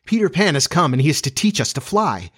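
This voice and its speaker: A man voicing an eager, excitable young girl in a storybook reading, gushing and breathless. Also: mid-range voice, fast talker, close to an everyday voice. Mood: excited.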